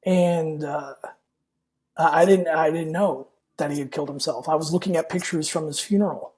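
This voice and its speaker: A man's voice: a little high, fairly even intonation, moderate pace, a little mellow, breathy edge. A man guest on a podcast telling a personal story in a candid, rambling way, full of fillers and repeated words. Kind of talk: casual storytelling in an interview.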